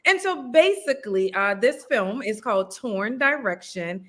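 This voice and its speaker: A woman's voice: on the high side, lively intonation, a little slow, fairly bright tone. A woman, a writer and actor, chatting casually as an interview guest with frequent ums. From New Orleans.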